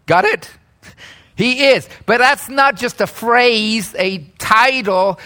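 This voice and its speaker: A man preaching a sermon, high-pitched and bright in tone. He talks slowly and deliberately, then breaks into loud, animated calls on key words with a joking warmth.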